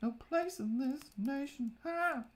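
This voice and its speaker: A man chanting a party jingle in a high falsetto as a hype-man figure. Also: lively intonation, slow pace, heavily acted. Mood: hyped.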